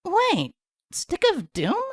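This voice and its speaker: A woman's voice: very high voice, wildly swooping pitch, slow pace, no echo, clean studio sound, voice pushed up, exaggerated voice. A woman voicing a frantic, hyperventilating bunny version of a female pony in a storybook reading, babbling in a panic. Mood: flustered.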